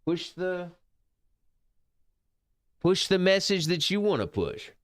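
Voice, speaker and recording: A man's voice: sits high, very animated, slow, no echo, studio quality. A man streaming a game, ranting casually and profanely, rambling and getting heated. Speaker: gaming streamer. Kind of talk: casual rant over gameplay.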